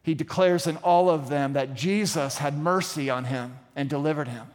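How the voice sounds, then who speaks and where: A man's voice: fairly high pitch, moderate pace, long reverb tail. A man preaching a sermon, asking rhetorical questions and retelling scenes with dramatic emphasis. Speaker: pastor.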